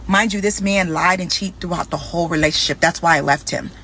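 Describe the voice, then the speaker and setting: A young woman telling a candid personal story in a conversational, animated way, acting out the dialogue as she goes. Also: fairly low pitch, fairly quick, slight background noise.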